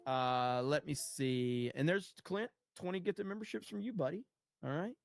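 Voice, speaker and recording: A man's voice: fairly high pitch, normal speed, gravelly, soft background music. Jokey, rambling man streaming live. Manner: loose, jokey, rambling with many fillers; swears casually. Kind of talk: casual live-stream chat reading donations.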